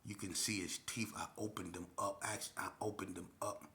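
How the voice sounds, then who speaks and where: A low-voiced man tells a story in loose, slangy street talk. He keeps checking in with the listener as he goes and speaks in a plain, unhurried way. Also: fairly even intonation, sharp tone, slight background noise. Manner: slangy, street talk with frequent "you know what I'm saying". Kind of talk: casual storytelling.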